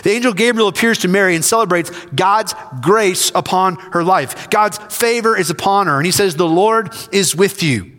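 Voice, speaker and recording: A man's voice: high-pitched, normal speed, hardly any pauses, pushed and bright, long reverb tail. A man, a senior pastor, preaching a sermon earnestly and repeating key phrases for emphasis.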